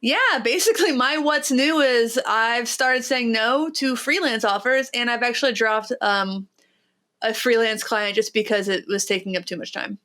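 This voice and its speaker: A woman's voice: fairly high pitch, moderate pace, bright, forceful tone. A woman with a nasal voice co-hosting a podcast in casual, chatty, self-deprecating talk. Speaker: podcast co-host.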